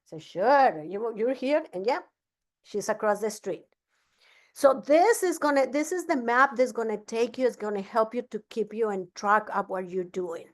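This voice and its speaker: Woman, business coach, casual training talk, energetic, restarts sentences, fairly high voice. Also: moderate pace. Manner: energetic, repeats herself, frequent restarts.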